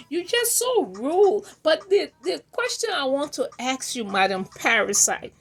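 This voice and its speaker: A woman hosting a reaction channel, talking casually and indignantly scolding, with rhetorical questions. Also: a little high. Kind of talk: casual commentary.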